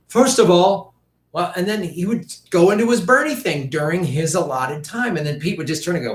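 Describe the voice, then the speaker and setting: A man ranting through casual political commentary, profane and mocking, slipping into quick impressions of politicians. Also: high-pitched, sing-song, roomy sound.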